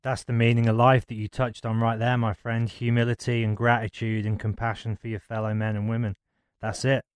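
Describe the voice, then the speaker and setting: Smooth, flat-toned male host. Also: mid-range voice, fairly quick, no room sound. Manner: warmly affirming, earnest. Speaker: podcast host. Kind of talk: casual interview chat.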